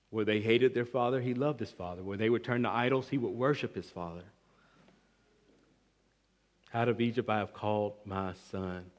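A man preaching an expository sermon, emphatic, with swings between loud and quiet passages. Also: mid-range voice. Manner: emphatic, rising and falling in volume, restarts words. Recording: long reverb of a large hall.

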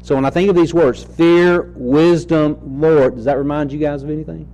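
A man preaching an expository sermon, reading scripture slowly and asking rhetorical questions as he teaches. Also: fairly high pitch, steady tone, mellow, poor audio.

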